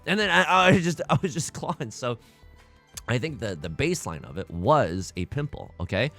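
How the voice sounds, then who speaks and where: Animated young man joking over a game. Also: medium pitch, moderate pace, faint music behind. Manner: animated, self-deprecating, jokey. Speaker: mahjong streamer. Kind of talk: casual let's-play commentary.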